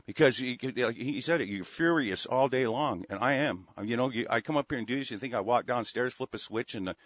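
A man's voice: mid-range voice, a bit bright, no echo. Furious profane male radio host. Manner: furious, profane, rambling with many restarts. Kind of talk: angry call-in radio rant. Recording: dry, dull lo-fi studio sound.

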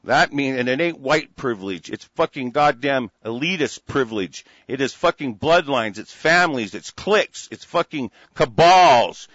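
A man's voice: mid-range voice, a bit bright, no room sound. Angry man ranting. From United States. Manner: heated, profane, repetitive restarts. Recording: dry, dull lo-fi recording.

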